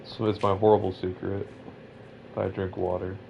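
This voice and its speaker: Young man, from California, low voice, rambling, self-mocking, casual gaming chat, dull lo-fi mic. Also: normal speed, gravelly, slight background noise. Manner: rambling, self-mocking, stammers when excited. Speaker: Minecraft player.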